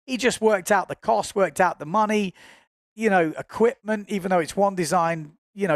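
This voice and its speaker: A man with a somewhat high voice gives chatty, informal live commentary on a windsurfing race, frequently correcting himself along the way. The recording is studio quality with no room sound.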